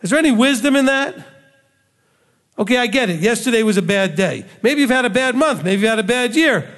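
Blunt high-voiced male preacher. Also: animated, a little fast, fairly bright tone. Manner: blunt, scolding rhetorical questions. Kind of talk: sermon. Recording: long hall reverb.

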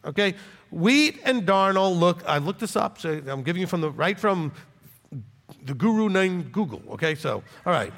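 Brief: male preacher, high and very expressive voice, blunt and confrontational, long reverb. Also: moderate pace. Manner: blunt, combative, conversational. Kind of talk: informal Bible teaching.

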